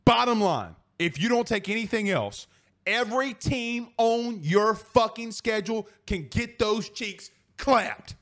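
A man's voice: high voice, expressive, a little slow, a bit bright. A man hosting a sports talk radio show, ranting in a profane, fired-up way and hammering his points through repetition.

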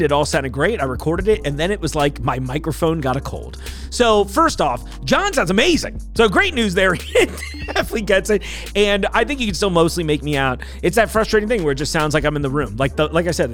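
A man's voice: on the high side, a bit bright. A man hosting a podcast, talking casually in a rambling, apologetic way with laughs between thoughts. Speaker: podcast host. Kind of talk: casual solo intro to camera.

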